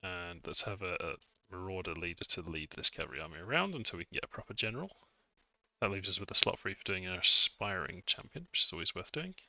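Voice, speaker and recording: Low-ish guy, super bright voice, rambling through his game stream, bit muffled dry mic. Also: animated, quick pace, no echo. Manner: chatty and self-mocking, muttering asides. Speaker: game modder streaming a test session. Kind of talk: casual live-stream commentary. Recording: dull, slightly lo-fi dry mic.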